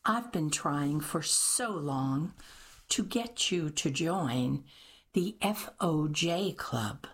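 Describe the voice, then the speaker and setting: A woman's voice: low-pitched, lively intonation, very slow, breathy edge, heavily acted. A woman voicing a theatrical older hostess who gushes and plays up the drama. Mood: gushing. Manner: dramatic, gushing.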